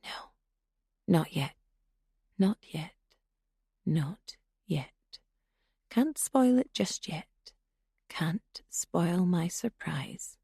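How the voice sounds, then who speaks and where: A woman's voice: mid-range voice, animated, takes it slowly, mellow, slightly rough, no room sound, studio quality, heavily acted. A woman voicing a menacing night intruder in a whispered role-play, taunting and repetitive.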